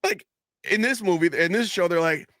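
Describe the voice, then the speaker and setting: Male co-host, lively pitch, foul-mouthed animated storyteller, dry close mic. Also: moderate pace, dry recording. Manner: animated storyteller who swears a lot. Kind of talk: casual chat.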